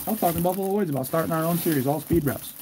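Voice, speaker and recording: A man hosts a live card break, talking casually and cracking jokes. His voice sits a little high, and he turns loud and excited when the hits come. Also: very fast, a little hiss or hum. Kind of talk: live stream break commentary.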